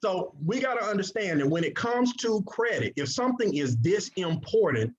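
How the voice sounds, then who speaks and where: Energetic high-voiced man presenting. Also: normal speed. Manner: energetic, call-and-response with audience. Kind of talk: motivational sales presentation. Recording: dull lo-fi recording.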